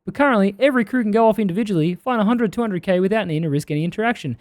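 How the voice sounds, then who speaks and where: This is a put-on New Zealand accent that keeps sliding toward Australian, done by a man. The reading is earnest and steady as it works through a long list of complaints. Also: sits high, rapid-fire, no echo, clean studio sound, lightly acted. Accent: put-on New Zealand accent drifting toward Australian.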